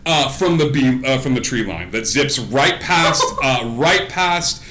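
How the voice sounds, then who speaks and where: A man's voice: medium pitch, animated, measured pace, pushed and bright. A man acting as game master of a live-streamed tabletop game, narrating in an improvised, rambling way full of fillers like "uh" and "like". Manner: rambling, filler-heavy, laughs between lines. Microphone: streaming mic.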